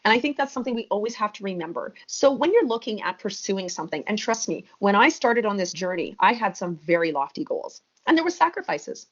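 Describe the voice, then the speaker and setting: Woman, 30s, podcast guest; lively emphatic storyteller, mid pitch, dull lo-fi sound. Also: fairly quick, hardly any pauses. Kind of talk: podcast interview. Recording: muffled lo-fi audio.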